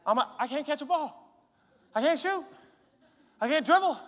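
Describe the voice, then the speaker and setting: A man voicing a frantic, whiny man who begs God for success, his voice pushed high and loud in a reverberant large hall. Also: lively intonation, moderate pace. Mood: frantic pleading. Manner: pleading, shouting.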